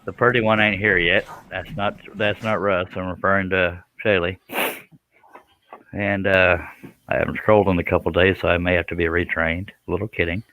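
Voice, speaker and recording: Low-voiced joking man. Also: little pitch movement, normal speed, no echo, narrow, tinny audio. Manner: joking, folksy banter. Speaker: live stream host, woodworker. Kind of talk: casual live-stream chat.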